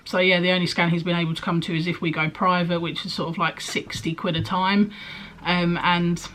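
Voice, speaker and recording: A woman's voice: fairly low pitch, level tone, fairly quick, fairly bright tone, slight background noise. A young woman, pregnant, chatting casually in a rambling way, with frequent ums and likes, as she answers questions for her vlog. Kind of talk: casual chat.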